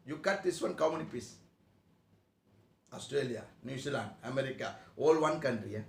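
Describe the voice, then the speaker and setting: A man's voice: mid-range voice, normal speed, creaky, reverberant. A man giving a spiritual discourse to a class in broken English, often asking the listeners questions. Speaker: spiritual teacher. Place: meeting room.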